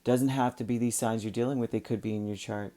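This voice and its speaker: A man's voice: mid-range voice, fairly even intonation, fast talker, dark tone. A man giving a casual spoken tarot reading, talking straight to his viewers in a loose, coaching way with frequent fillers and restarts. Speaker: tarot reader.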